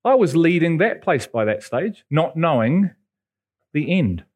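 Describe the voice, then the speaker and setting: A man from England, preaching a sermon and telling stories with sudden high jumps in pitch. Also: sing-song, measured pace, a little mellow. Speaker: pastor.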